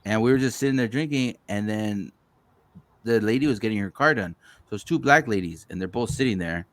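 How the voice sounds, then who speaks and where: With a fairly low voice and a slightly fast pace, recorded with no room sound, this man hosts a podcast, telling casual stories. He curses freely and performs other people's lines himself.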